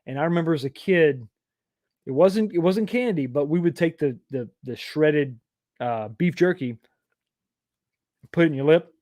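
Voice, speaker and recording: A man's voice: a little high, animated, normal speed, long pauses, darkish tone, no room sound, studio quality. A middle-aged man from East Texas, rambling casually as he reads viewer comments on a live stream, with self-deprecating asides. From East Texas, USA. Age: 40s or 50s.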